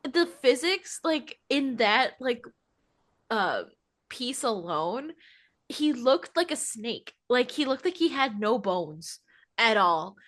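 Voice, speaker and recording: A young woman talks casually on a podcast. Her voice sits a bit high and moves lively up and down. She reacts expressively and laughs easily. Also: slow pace. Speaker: podcast co-host. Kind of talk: casual chat.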